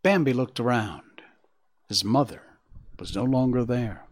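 A man narrating a storybook in an expressive, measured way. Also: medium pitch.

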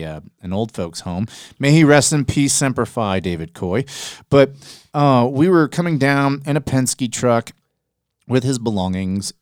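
A man hosting a podcast in casual chat, animated and rambling as he tells stories, with frequent swearing. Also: lowish voice, smooth, dry recording, studio quality. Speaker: podcast host.

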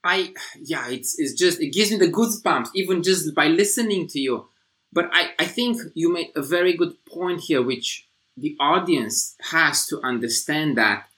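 A podcast host from Romania guiding an interview in a measured, affirming way. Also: medium pitch, expressive, a bit bright. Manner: measured, affirming, sets out disclaimers. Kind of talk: interview hosting.

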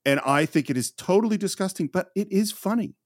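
A man hosting a film podcast, chatting casually with emphatic, animated opinions. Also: sits high, brisk, breathy edge, no room sound, studio quality. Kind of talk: casual chat.

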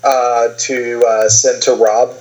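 A man co-hosts a podcast, recapping a TV season in a rambling, casual way full of fillers and quoted lines. His mid-range voice is darkish, level in tone and slow, and the recording is rough.

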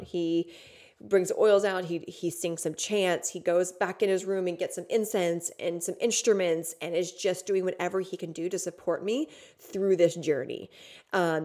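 A woman's voice: lowish voice, a little mellow. A woman hosting a podcast, telling a personal story candidly and emotionally, with frequent swearing. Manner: candid, profane, emotional retelling. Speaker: podcast host.

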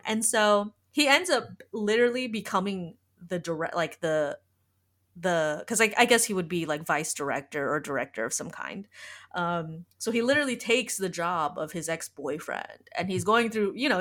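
A woman's voice: on the low side, lively intonation, normal speed, a bit bright. A woman podcast host in casual chat, retelling a story in a rambling way full of "like.". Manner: rambling, heavy use of filler "like".

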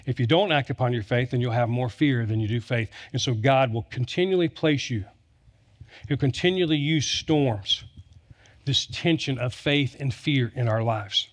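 A man's voice: mid-range voice, normal speed. A man preaching a sermon, telling stories with humor and repeating lines for emphasis. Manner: storytelling with humor, emphatic repetition. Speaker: pastor.

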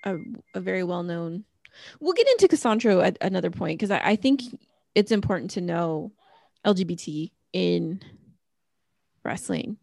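Chatty woman with a gravelly voice. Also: on the low side, expressive, moderate pace, a little mellow, dry recording, clean studio sound. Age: middle-aged. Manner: rambling, chatty, many fillers. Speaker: podcast co-host. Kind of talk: casual chat.

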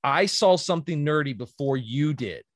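A man's voice: on the high side, expressive, moderate pace, no room sound, clean studio sound. A man hosting a podcast in casual chat, telling a story animatedly and acting out quotes. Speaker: podcast host.

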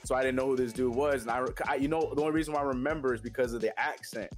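Fast-talking man in casual podcast chat. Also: medium pitch, fairly even intonation, music in the background. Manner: rapid, rambling, frequent restarts. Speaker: podcast co-host.

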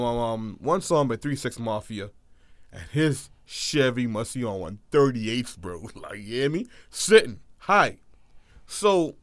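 A man casually telling a story, acting out quotes and swinging between hushed and loud. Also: medium pitch, no room sound, studio quality.

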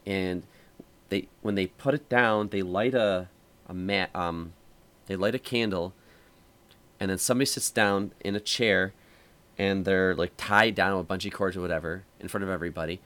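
A man's voice: sits low, steady tone, normal speed, fairly bright tone. A man hosting a casual podcast chat, rambling through a story with lots of fillers and restarts. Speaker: podcast host.

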